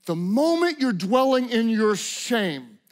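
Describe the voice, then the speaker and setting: A man preaching a sermon as pastor, telling stories dramatically, hushing low and slow for solemn moments and rising to forceful emphasis. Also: sing-song. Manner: dramatic storytelling with acted-out quotes.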